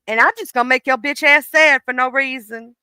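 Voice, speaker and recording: A woman's voice: high-pitched, a little fast, sharp tone, clear, resonant tone, no echo, studio quality. A woman voicing depression as a spiteful female figure who sneers about ambushing you.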